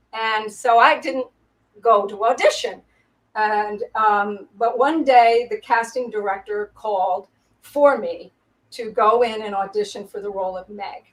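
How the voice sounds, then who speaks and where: Over a roughly recorded video call, a woman who once performed on Broadway tells backstage stories with frequent laughter. It's a relaxed interview, and her pitch is medium.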